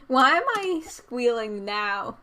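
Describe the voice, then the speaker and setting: High, lively young woman streamer. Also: slow, slight background noise. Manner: goofy, playful, repeating silly noises. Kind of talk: casual live stream chat.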